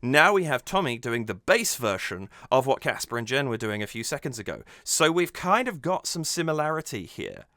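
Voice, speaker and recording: A man's voice: mid-range voice, very animated, moderate pace, hardly any pauses, pushed and bright, dry recording, studio quality. A man hosting a music reaction channel, analysing a cover with enthusiasm and thinking aloud as he goes.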